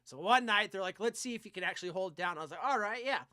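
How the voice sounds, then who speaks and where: A man's voice: high-pitched, very fast, dry recording, studio quality. A young man co-hosting a podcast, telling a rambling, profane story in casual chat. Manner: profane, animated, rambling anecdotes. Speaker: podcast co-host.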